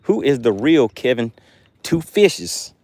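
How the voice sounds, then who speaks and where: A man's voice: mid-range voice, very animated, slow pace, darkish tone. A man hosting a live fishing stream from a boat, joking with chat and hyping his catches with made-up words. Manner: playful, hypes catches with made-up words, reads viewer comments aloud. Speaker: fishing livestream host. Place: outdoors on a boat on a lake.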